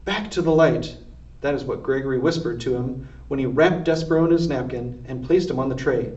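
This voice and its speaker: A man's voice: medium pitch, a little fast. A man reading a children's storybook aloud expressively. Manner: expressive read-aloud narration. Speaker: reader. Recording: distant roomy lo-fi recording.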